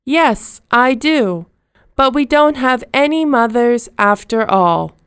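A woman voicing the boy Peter Pan, eager and bold, in a slow, clear storybook reading. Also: on the high side, animated, a bit bright, dry recording, studio quality, exaggerated voice.

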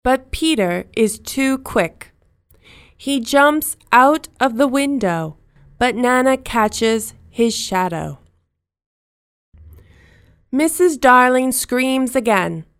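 A woman narrating a children's storybook in simple, slow, clearly spoken sentences. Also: high voice, expressive, fairly bright tone, no echo, clean studio sound.

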